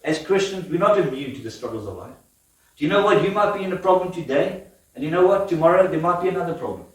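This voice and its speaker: Male preacher, high-pitched, animated storytelling sermon; distant mic in a reverberant church hall. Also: fast. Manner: lively storytelling with laughs and questions to the congregation. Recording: echoey church hall from afar.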